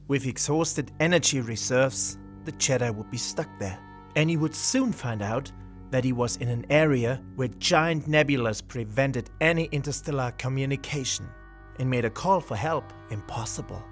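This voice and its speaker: A man reading the narration of a fan-made science-fiction audio drama with measured, dramatic delivery. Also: medium pitch, soft background music.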